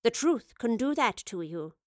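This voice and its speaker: A woman voicing a calm, wry older female professor in an audiobook reading, measured and dry. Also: a little high, no room sound.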